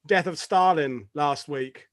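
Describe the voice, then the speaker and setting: Host of an online panel: high-voiced man, jokey and teasing, dry close sound. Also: slow, no echo. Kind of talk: casual live panel chat.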